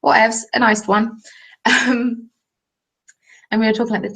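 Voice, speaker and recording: A woman's voice: fairly high pitch, little pitch movement, a little slow, creaky, fairly bright tone, breathy edge. A young Englishwoman hosting a casual live knitting stream, chatting in a rambling way and reading out viewer comments. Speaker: host. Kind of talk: casual livestream chat while knitting.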